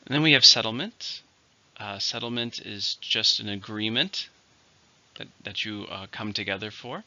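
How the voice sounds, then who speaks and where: A man's voice: lowish voice, normal speed, pushed and bright. A man teaching English vocabulary, explaining words with some hesitation and example sentences. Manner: hesitant, with fillers and small restarts. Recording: muffled lo-fi recording.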